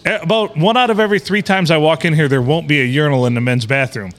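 A man's voice: fairly high pitch, fast. A man co-hosting a podcast from a bar, telling crude jokes with lots of swearing. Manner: profane, joking, animated. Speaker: podcast co-host. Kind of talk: crude casual banter.

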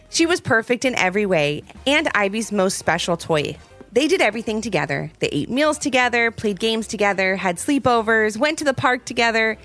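A woman narrating a children's story in a lively, expressive way, jumping high for the quoted voices.

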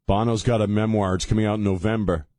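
A man's voice: on the low side, steady tone, fast talker, darkish tone, dry recording. A man hosting a talk radio show from a studio, joking and sarcastic in a rambling, casual way. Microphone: studio microphone.

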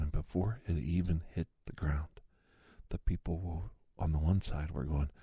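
A man's voice: extremely low pitch, fairly even intonation, moderate pace, warm tone, slightly rough, no room sound, studio quality. A man in a rambling conspiracy-style comic monologue who keeps saying "see?" and drops into sudden whispers.

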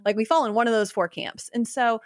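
A woman's voice: on the high side, brisk, no echo, clean studio sound. A woman hosting a casual interview chat, talking in a chatty, reflective way. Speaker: podcast host.

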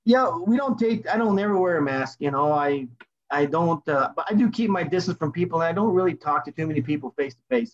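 A man from Texas and Idaho holds forth bluntly, firing off rhetorical questions and answering them himself. His voice sits a little high. The audio is dull and lo-fi, as if it came over a weaker remote line. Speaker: podcast guest. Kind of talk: casual chat.

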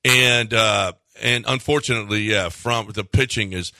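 Man, sports radio host, bright forceful voice, dry close sound, animated storyteller. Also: fairly low pitch, moderate pace, no room sound. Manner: animated storyteller, acts out quotes loudly. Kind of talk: casual sports talk.

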